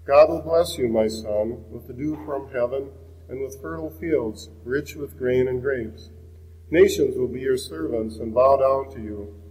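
A man reading the part of an aged, blind father in a scripture reading, in a measured, solemn way. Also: mid-range voice, a little mellow, in a large hall, natural voice, poor audio. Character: aged blind father blessing his son.

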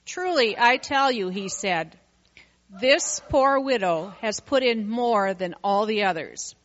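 A woman reading a Bible passage aloud in a measured, steady way. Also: mid-range voice, long reverb tail, muffled recording. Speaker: scripture reader. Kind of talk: scripture reading.

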